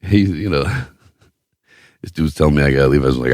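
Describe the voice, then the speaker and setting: A man hosting a podcast, telling a story in casual chat with a profane, boastful, animated way of talking. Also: a bass voice, normal speed, pauses often, dry recording, studio quality. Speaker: podcast host.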